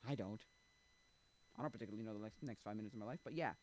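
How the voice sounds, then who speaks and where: A man's voice: fairly low pitch, very fast, darkish tone. A young man live streaming, rambling in casual chat with many restarts and trailing thoughts.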